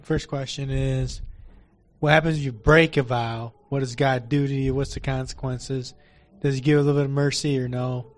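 A man's voice: mid-range voice, level tone, normal speed. A man at a Bible study, asking the group questions, rambling and searching for examples as he goes.

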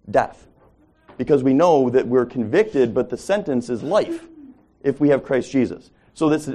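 A man's voice: medium pitch, dark tone. A man leading a casual Bible study, teaching conversationally, asking the group questions and correcting himself as he goes.

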